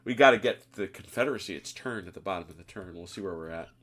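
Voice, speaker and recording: A man running a tabletop wargame as game master, relaxed and guiding players through the rules. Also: low voice, fast.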